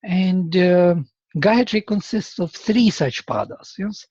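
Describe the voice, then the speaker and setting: Male lecturer, unhurried and methodical, slightly raised pitch, dry and dull lo-fi sound. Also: darkish tone, breathy edge, no echo. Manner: slow and deliberate, tapping out rhythms aloud.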